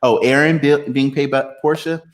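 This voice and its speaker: Male livestream host, easygoing chatter over comments, a little tipsy, laughs freely, average-pitched voice. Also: steady tone. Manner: laid-back, laughs often, drawn-out fillers. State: a little tipsy after beers. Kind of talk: casual live chat reading comments.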